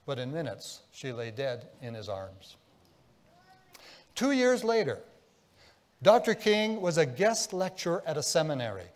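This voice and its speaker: A man preaching a sermon as pastor, telling a story, dropping to a hush and then rising with feeling. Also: on the high side, very animated, a little slow. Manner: storytelling, swinging between hushed and impassioned. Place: church sanctuary. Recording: long church reverb.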